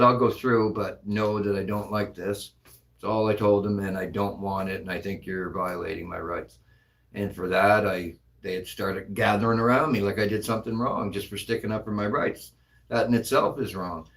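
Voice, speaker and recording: A man co-hosting a casual talk stream, speaking indignantly and repeating his points. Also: lowish voice. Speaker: co-host. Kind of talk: casual chat.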